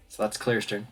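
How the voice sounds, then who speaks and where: A man narrating a tabletop game as dungeon master, relaxed and hesitant with fillers.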